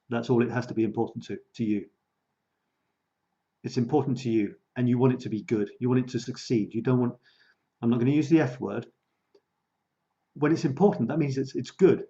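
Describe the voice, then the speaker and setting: A man's voice: medium pitch, dark tone, muffled recording. A man giving a casual live-streamed coaching talk, chatty and self-mocking, laughing often and repeating words as he goes. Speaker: creativity coach.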